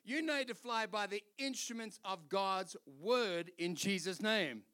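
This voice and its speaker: Australian male pastor, sermon, high bright tone, animated storyteller. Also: unhurried. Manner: animated storytelling, laughing, doing voices.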